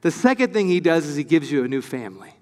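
A male pastor preaching a sermon in an animated, excited way, acting out the voices he quotes. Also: fairly high pitch, fast talker, long reverb tail.

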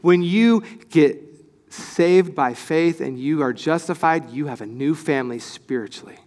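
A male pastor preaching a sermon in an animated, excited way, acting out the voices he quotes. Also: a little high, unhurried, long reverb tail.

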